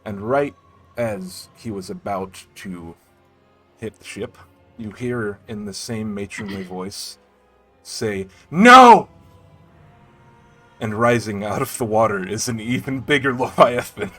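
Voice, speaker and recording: A man running a tabletop game as game master, narrating scenes in an unhurried, descriptive way. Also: lowish voice, steady tone. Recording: faint background music.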